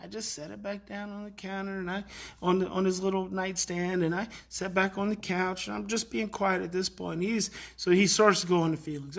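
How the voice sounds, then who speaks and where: A middle-aged man, a parenting educator, tells a story in a casual, animated way and lets his voice rise to act out the kids' outbursts. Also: high voice, fairly quick, vocal fry. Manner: animated, acts out kids' outbursts, many fillers.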